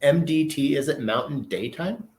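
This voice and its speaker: A man's voice: on the high side, animated, normal speed, a crowd in the background. A man chatting as a guest over a video call, playful and rambling, asking question after question. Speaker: podcast host and guest. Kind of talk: casual video call chat.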